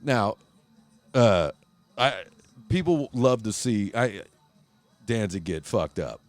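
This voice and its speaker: A man with a fairly low voice hosts a loose, profane chat, spinning a heated story and acting out every line of dialogue. The sound is close and dry, with no room around it. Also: lively intonation, takes it slowly, dry recording, faint music behind. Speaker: podcast host.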